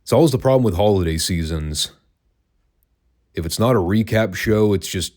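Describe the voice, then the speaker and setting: A man's voice: on the low side, lively intonation, normal speed, pauses often, a little mellow. A man hosting a solo podcast, talking in a wry, sarcastic, conversational way. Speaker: wrestling podcast host. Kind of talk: casual commentary, solo podcast.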